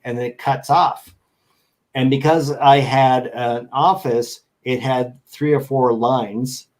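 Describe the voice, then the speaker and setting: A man's voice: medium pitch, steady tone, slow pace. Rambling joking man on a video call. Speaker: guest. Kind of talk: casual chat.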